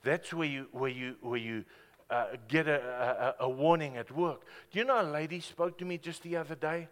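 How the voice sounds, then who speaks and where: A man preaching a sermon as pastor, telling the story with big swings from loud bursts to hushed, gentle passages. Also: fairly high pitch, moderate pace. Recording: hall reverb.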